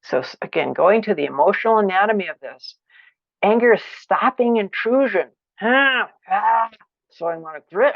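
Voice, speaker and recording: A woman giving a workshop lecture, expressive, acting out feelings with sighs and exclamations. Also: mid-range voice, moderate pace, creaky, dry recording, dull audio. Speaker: teacher of a conflict practice.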